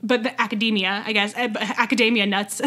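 Podcast co-host, woman, bright and a bit high, chatty with lots of fillers. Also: steady tone, fairly quick. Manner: chatty, many fillers and restarts. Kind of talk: casual chat.

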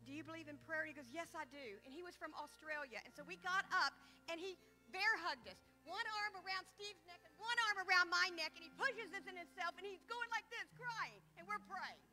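A woman with a very high, very bright voice shares a story-driven testimony in a church sanctuary. She is lively and acts out the voices of the people in her story, with soft music under her words. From United States. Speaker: guest speaker sharing a testimony.

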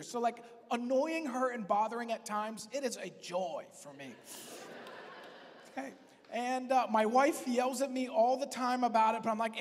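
A man preaching a sermon as pastor, talking in a conversational, joking way that breaks into loud, emphatic bursts. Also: extremely high pitch, a little hiss or hum. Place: church hall. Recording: long reverb of a church hall.

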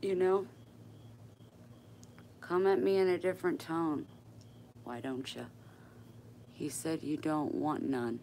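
A woman's voice: sits low, little pitch movement, slow, long pauses, mellow, slight background noise. An older woman hosting a sewing livestream, chatting casually with viewers in a blunt, joking, sassy way.

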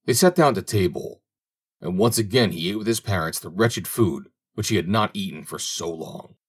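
A man narrating an old fairy tale as an audiobook reader, in a measured, expressive way. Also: sits low, husky. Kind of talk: storybook narration.

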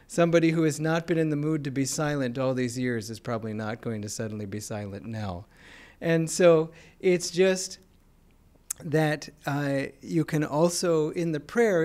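A man with an American accent giving an informal spiritual talk, explaining in a conversational way with gentle humor. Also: on the high side, expressive, normal speed. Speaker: spiritual teacher.

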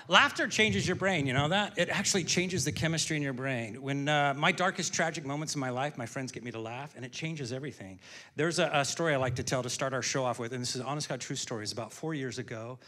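A man's voice: mid-range voice, quick pace, pushed and bright. A man hosting a live stand-up comedy show and doing magic, chatty and jokey, working the crowd from the stage.

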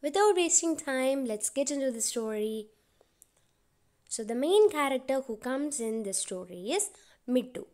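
A woman teacher retells a children's story for young pupils. She speaks in a high voice and goes over each point again in simple words. She often links her sentences with "so". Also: expressive, unhurried, darkish tone. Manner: simple, repetitive explaining with frequent "so".

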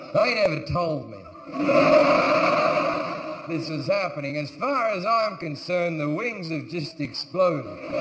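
A man doing stand-up storytelling, sardonic and profane, acting out characters with sudden shouts on a theatre stage. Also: high-pitched, heavy background noise. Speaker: stand-up comedian. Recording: echoey live theatre recording. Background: audience laughter.

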